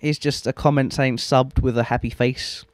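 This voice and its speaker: A man's voice: medium pitch, steady tone, normal speed, no room sound. A young man giving rambling, self-mocking gameplay commentary and swearing freely. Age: young adult. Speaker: let's play host.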